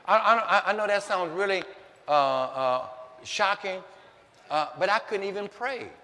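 A man preaching a sermon as a pastor, telling a personal story with repeated words and restarts, building up to shouts. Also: high-pitched, expressive, a little slow. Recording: long hall reverb, faint noise.

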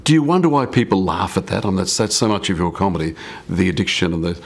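A man's voice: low voice, big pitch swings, quick pace, slightly rough. A man with an Australian accent interviewing a guest for TV, asking direct, probing questions.

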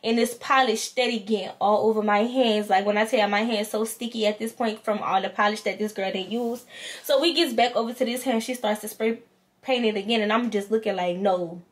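A woman's voice: medium pitch, fairly even intonation, brisk. A woman vlogger, animatedly telling a storytime and acting out both sides. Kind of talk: storytime vlog.

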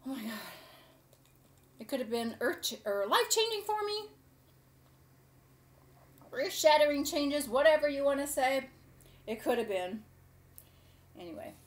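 A woman's voice: sits high, lively intonation, measured pace, long pauses. A woman hosting a casual cooking show, chatting to camera in a gushing, rambling way.

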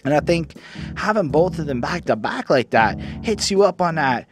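A man's voice: fairly high pitch, big pitch swings, normal speed, music in the background. A man hosting a podcast, giving a casual, enthusiastic track-by-track album review and swearing freely. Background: rap beat playing.

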